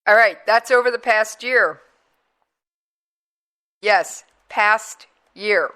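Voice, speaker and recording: A woman talk radio host with a bright, forward tone and an unhurried delivery. She talks in a conversational, emphatic way, leaning on pauses for effect. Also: mid-range voice. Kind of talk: talk radio commentary with played clips.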